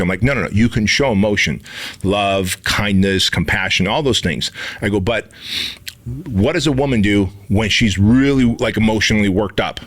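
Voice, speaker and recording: A man co-hosting a podcast, telling stories in an animated, profane way and acting out the quotes in them. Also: fairly low pitch, fairly quick. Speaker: podcast co-host and instructor. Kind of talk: casual podcast conversation.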